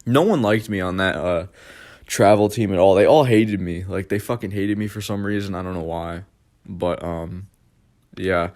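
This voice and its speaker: A young man with a lowish voice rambles through a casual storytime for his vlog. He leans on constant fillers and curses freely, drifting from point to point. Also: normal speed, darkish tone. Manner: rambling, filler-heavy, profane. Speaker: vlogger.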